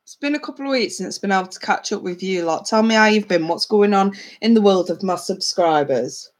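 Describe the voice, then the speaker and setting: A woman in her thirties, a psychic reader hosting a casual livestream, chatting warmly with viewers, reading out their comments and calling them darling. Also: medium pitch, brisk. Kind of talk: casual live-stream chat with viewers.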